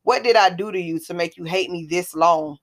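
A woman reading the part of a composed, defiant mother who stands her ground, in a low voice. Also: a little fast, close to an everyday voice. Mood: firm. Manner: firm, composed.

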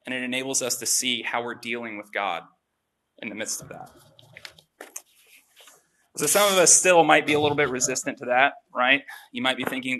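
A man giving a relaxed, chatty sermon with self-deprecating asides. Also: medium pitch, moderate pace, pauses often. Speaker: preacher. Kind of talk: conversational sermon.

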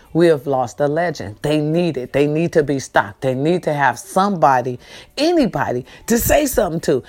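Low-voiced woman, talking straight to her viewers, swears a lot, goes from loud and lively to slow and quiet. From California. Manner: animated and swearing at first, then slow and subdued while grieving. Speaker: host. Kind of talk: casual monologue to viewers.

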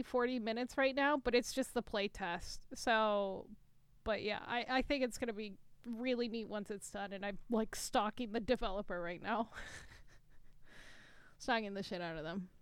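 Giggly high-voiced woman gaming podcaster. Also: smooth, dry recording. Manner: giggly, profane, animated. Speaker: podcast co-host. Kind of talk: casual chat about video games.

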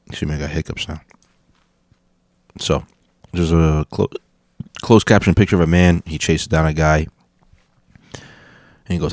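A man's voice: a bass voice, darkish tone, dry recording, studio quality. A man hosting a podcast, commenting casually on video clips in a laid-back, rambling, profane way. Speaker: podcast host.

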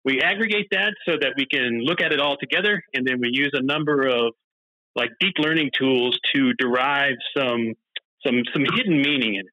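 A man's voice: mid-range voice, normal speed, sharp tone, dry recording, lo-fi sound. A man being interviewed as a company founder, answering eagerly and explaining things plainly.

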